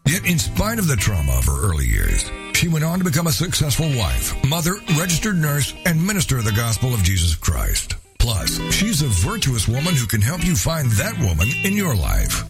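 A man announces the show with a sweeping delivery, his pitch rising and falling widely. Guitar music plays clearly behind him. He reads a dramatic scripted intro. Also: wildly swooping pitch, normal speed, few pauses.

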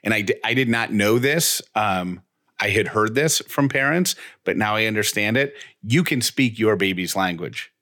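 A man's voice: fairly low pitch, expressive, moderate pace, pushed and bright. A man co-hosting a podcast in casual chat, playfully spinning silly spooky theories. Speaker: podcast co-host.

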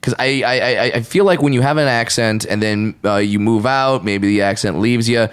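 A man's voice: moderate pace, clean tone. Male comedy podcast host, bantering, riffs into silly bits. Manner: bantering, jumps into silly high voices for bits. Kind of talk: casual comedic chat.

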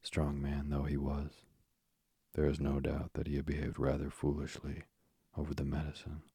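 A man narrating a storybook in a measured, deliberate way. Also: rumbling low, completely flat delivery, vocal fry, dark tone, slightly rough, no echo, clean studio sound.

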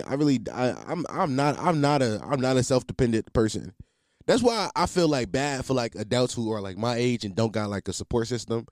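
A young man rambles through a solo podcast, slangy, profane and quick to laugh at himself. His voice sits at an everyday middle pitch. The sound is dry and close, with no room around it. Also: a little mellow, no room sound. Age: 20s. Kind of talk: casual solo podcast monologue.

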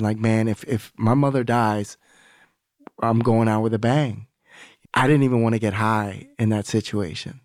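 A man with a medium-pitched voice appears as a podcast guest, telling a candid, rambling story laced with profanity and acting out the other people's lines. It's casual storytelling conversation in a dry recording with clean studio sound.

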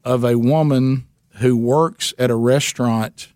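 A radio host, telling a rambling story at a mid pitch. He laughs at himself and stumbles over his words. The studio sound is dry and close. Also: steady tone, unhurried, a little mellow, dry recording.

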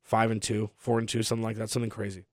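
A young adult man hosts a sports podcast, talking casually with a sore throat, rambling and trailing off at the ends of phrases. His voice is on the low side with little pitch movement, and he talks very fast. The recording is studio quality, with no echo.

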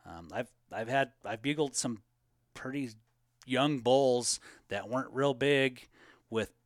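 Relaxed man rambling on hunting Q&A. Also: medium pitch, takes it slowly, no echo, clean studio sound. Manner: relaxed and rambling, with many fillers. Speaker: elk hunting co-host answering viewer questions. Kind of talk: casual live Q&A chat.

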